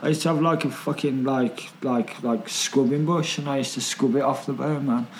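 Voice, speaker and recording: A man's voice: medium pitch, fairly even intonation, moderate pace, slight background noise. A man, telling stories in casual chat, repeating himself and swearing freely. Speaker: podcast guest.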